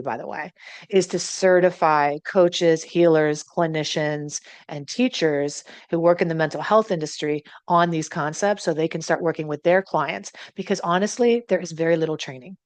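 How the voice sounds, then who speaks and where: Brief: middle-aged woman coach, low voice, dry close sound, blunt and lively, swears freely. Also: normal speed, dry recording. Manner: blunt and animated, swears, addresses viewers directly. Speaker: relationship coach and teacher. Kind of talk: motivational teaching.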